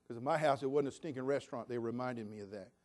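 A man's voice: medium pitch, fast talker, darkish tone. An older man preaching a sermon in a folksy, homespun storytelling way with fervent conviction.

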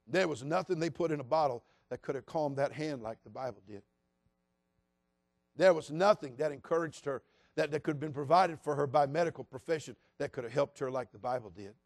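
A man preaching a sermon as pastor, passionate, moving between loud appeals and hushed, quiet passages. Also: on the high side, fairly quick, gravelly, dry recording, clean studio sound.

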